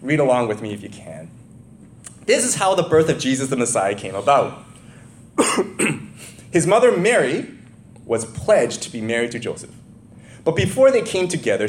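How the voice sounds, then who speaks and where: A middle-aged pastor delivers a sermon, his pitch rising and falling in a lively way as he reads scripture and then drifts into chatty personal stories. His voice sits in an ordinary male middle register, and he often breaks into small chuckles. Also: slight background noise. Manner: animated storytelling, chuckles often, loose conversational asides.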